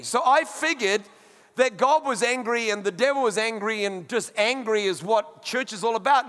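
A pastor preaching a sermon in a conversational, emphatic way, with friendly asides. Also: male voice, extremely high pitch, a bit bright, in a large hall.

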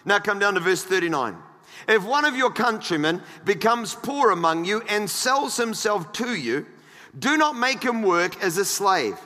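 A male pastor preaches with a high, bright, forceful voice. He jokes playfully with his congregation and reads scripture aloud. A long church-hall reverb trails his words. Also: very animated, normal speed. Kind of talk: sermon.

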